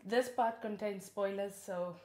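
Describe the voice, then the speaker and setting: A woman's voice: medium pitch, unhurried, dark tone. A young woman, an actress, hosting a casual chat about films she recommends, gushing and laughing often. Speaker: host and actress. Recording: roomy echo.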